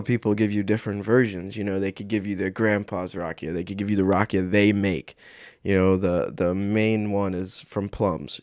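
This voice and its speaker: A man's voice: low-pitched, a little mellow, no echo, studio quality. A man casually telling a personal story to camera, rambling with many fillers and asides. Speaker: channel host.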